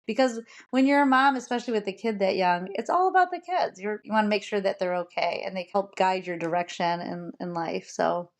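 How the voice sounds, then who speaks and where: An American woman in her forties talks openly as a podcast guest. She speaks in an earnest, emotional way, trailing off and restarting her sentences. Her pitch sits in the middle range. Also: a little fast, hardly any pauses. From United States. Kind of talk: candid personal storytelling.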